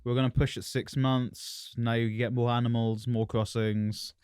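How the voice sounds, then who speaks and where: A man's voice: medium pitch, level tone, moderate pace, noisy background. A man co-hosting a podcast, chatting casually and cracking silly jokes. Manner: jokey, throws in silly quips and impressions. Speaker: podcast co-host. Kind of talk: casual chat.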